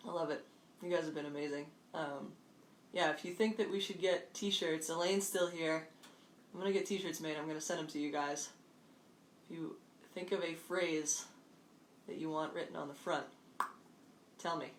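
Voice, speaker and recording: A woman's voice: deep voice, fairly even intonation, moderate pace, long pauses. A woman fitness instructor leading a live online workout class, upbeat and encouraging, calling out steps and counts at home. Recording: roomy echo, distant mic, faint background noise.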